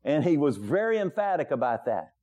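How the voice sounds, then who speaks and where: A middle-aged man preaching a sermon to his congregation, slipping between easy storytelling and lifted, emphatic declarations. His voice sits a little high for a man but has a soft, mellow warmth. He talks like a pastor chatting from the pulpit. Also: very animated, a little fast, dull audio. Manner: conversational preaching, swells higher and louder on key points.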